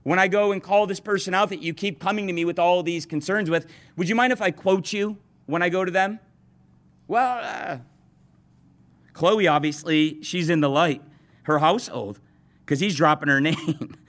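A man's voice: high voice, moderate pace, fairly bright tone. A male pastor preaching a sermon to his congregation, talking earnestly and often restarting or repeating words as he speaks. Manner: addresses the congregation directly.

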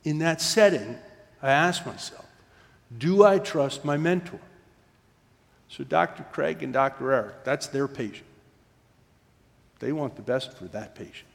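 Male pastor, mid-pitched, telling stories from the pulpit, long echo of a big church. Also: normal speed, creaky. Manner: storytelling, drops to near-whisper for quoted moments. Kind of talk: sermon. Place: church sanctuary.

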